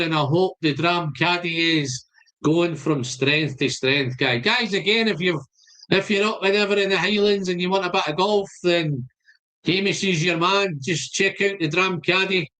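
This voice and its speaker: Chatty Scottish man with a higher voice. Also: pushed and bright. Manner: chatty, friendly, greets viewers by name. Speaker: whisky channel host. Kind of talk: live-stream chat, greeting viewers.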